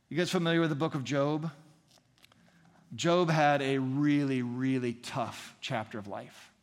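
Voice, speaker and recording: A man's voice: medium pitch, steady tone, unhurried. A man preaching a sermon as the pastor, earnest and fond of repeating phrases for emphasis. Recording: long reverb in a large hall.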